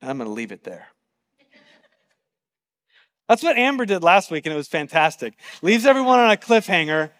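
A man's voice: sits high, big pitch swings, moderate pace, pauses often, fairly bright tone, big-room sound. A man preaching a sermon, telling a story casually and with animation. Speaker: pastor.

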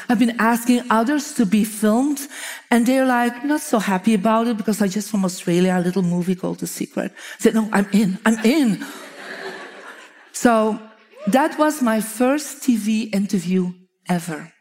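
A middle-aged woman, a feng shui teacher telling lively stories to an audience, often laughing and acting out quoted dialogue. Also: on the high side, normal speed. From Belgium. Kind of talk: storytelling talk to an audience.

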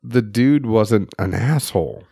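A man co-hosting a podcast, talking in an animated, argumentative, casual way. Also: on the low side, creaky, slightly rough, no room sound, studio quality. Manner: animated, argumentative, quick asides. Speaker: podcast co-host. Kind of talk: casual banter.

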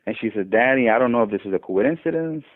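A man casually shares a faith testimony, retelling it animatedly with frequent restarts and lifting his voice whenever he quotes others. He talks fast at a medium pitch. The audio has a tinny, phone-line quality.

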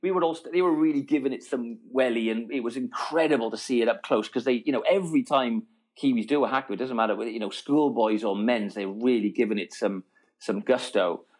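A middle-aged man, telling a story as an interview guest, lively and laughing, often restarting his sentences. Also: mid-range voice, fairly quick. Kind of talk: casual storytelling.

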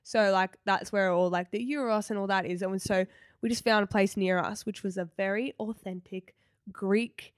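A young woman, co-hosting a podcast and telling a travel story in lively casual chat, acting out what people said and swearing freely. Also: medium pitch, moderate pace, no echo, studio quality. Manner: animated, swears casually, acts out quotes. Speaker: podcast co-host.

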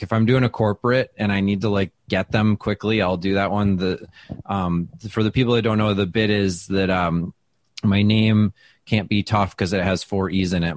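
A man who does stand-up, telling stories in a casual interview, chatty and self-deprecating, with lots of fillers and restarts, and he acts out quoted lines with big jumps in pitch. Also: no room sound, clean studio sound. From Wisconsin. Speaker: stand-up comedian, guest. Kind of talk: casual interview talk, storytelling.

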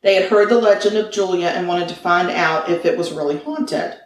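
A woman's voice: fairly low pitch, fairly quick, recorded from a distance, slight background noise. A woman casually retelling a ghost story to a friend, voicing the frightened man's thoughts. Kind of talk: casual chat. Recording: echoey room, away from the mic.

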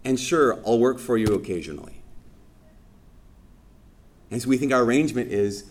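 A man's voice: medium pitch, expressive, normal speed, long pauses. A male Catholic priest preaching a sermon, telling a personal story with self-deprecating humor and acting out the dialogue.

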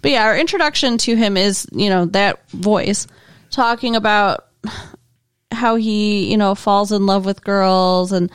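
Woman, casual chat, blunt, disgusted groans, middle pitch. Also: measured pace, clean tone, dry recording, clean studio sound. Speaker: podcast co-host. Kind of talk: casual movie discussion.

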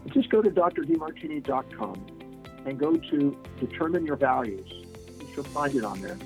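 A man's voice: mid-range voice, moderate pace, gravelly, faint music behind, rough recording. A man telling a story as a guest on a radio interview show, acting out the voices of the people in it. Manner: animated anecdote teller, acts out quoted voices. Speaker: guest speaker.

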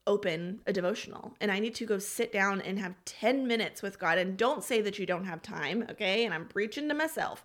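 A woman's voice: mid-range voice, a bit bright. A woman, hosting a faith-based podcast and talking earnestly and heartfelt, close to tears. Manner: earnest, heartfelt, confessional, addresses listeners as y'all and friend. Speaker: podcast host.

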